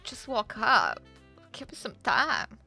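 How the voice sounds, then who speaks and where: Bright, lively woman streamer. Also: fairly high pitch, slow pace, creaky, slightly rough, soft background music. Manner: chatty, jokey, self-deprecating. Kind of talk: casual livestream chat.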